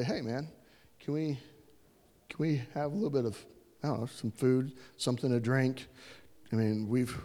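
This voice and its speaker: A man's voice: medium pitch, a little mellow, big-room sound, close to an everyday voice. A man voicing a confident young warrior king who talks in a casual, slangy way. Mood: laid-back.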